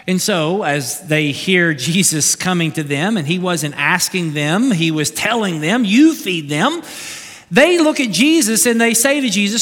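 A man preaches to a large congregation, his voice set high and ringing bright. He builds toward animated, emphatic peaks. The sound carries the long reverb of a big church hall. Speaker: pastor. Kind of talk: sermon.

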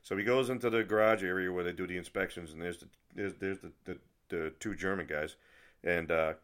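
A man's voice: low-pitched, steady tone, a little fast, fairly bright tone, smooth. A man telling a story in a casual, rambling rant, exasperated, with frequent restarts and mild swearing. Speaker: vlogger.

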